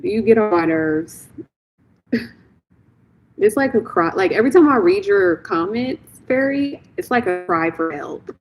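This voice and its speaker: A woman's voice: medium pitch, animated, measured pace, pauses often, low-quality recording. A young woman reading tarot on a live stream, talking casually and bluntly, repeating phrases as she vents to a viewer.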